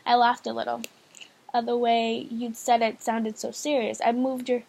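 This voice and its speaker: A woman's voice: on the high side, flat delivery, normal speed, gravelly, a little mellow. A woman reading a novel aloud in a casual, hesitant way, often stumbling and restarting lines. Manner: hesitant, frequent restarts and fillers. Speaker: audiobook reader, channel host.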